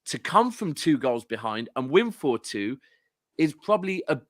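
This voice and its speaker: A man's voice: a little high, sing-song, moderate pace, no echo, studio quality. A man with a southern English accent, a guest football fan ranting animatedly and swearing in casual podcast chat. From southern England.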